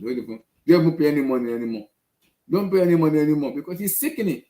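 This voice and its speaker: Racing along with lively intonation, this man has a voice on the high side and a darkish tone. He hosts a football fan show and gives a casual rant full of exasperation and repetition. The room sounds echoey.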